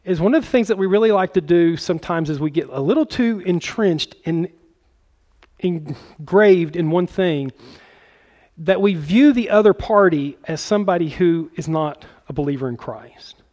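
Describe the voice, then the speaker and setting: A man preaching a conversational sermon, acting out quotes in sudden high bursts. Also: expressive, normal speed, darkish tone. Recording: dull lo-fi sound.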